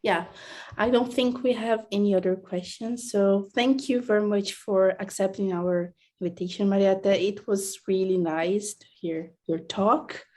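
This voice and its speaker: A woman's voice: medium pitch, steady tone, measured pace, a little mellow. A woman chairing a workshop session online, polite as she thanks the speaker and moves to the next part.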